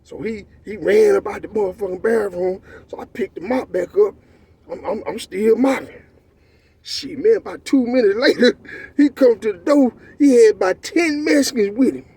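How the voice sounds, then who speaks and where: A Texan man with a high, husky voice tells a story in loose, animated street slang. His tone is mellow rather than sharp, and he keeps checking in with his listener. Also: moderate pace. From Texas. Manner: animated, profane street slang, repeats "you know what I'm saying". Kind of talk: casual storytelling.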